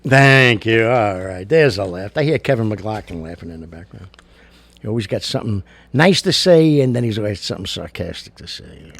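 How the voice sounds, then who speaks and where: A man's voice: fairly low pitch, animated, moderate pace, fairly bright tone. An older man hosting a show, telling jokes and giving blunt opinions in a chatty, casual monologue. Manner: gravelly, blunt and chatty, with many fillers. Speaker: show host.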